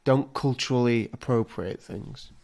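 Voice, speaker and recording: Podcast co-host, man, mid-pitched, deadpan teasing banter. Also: measured pace, gravelly. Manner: dry, teasing humor. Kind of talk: casual chat.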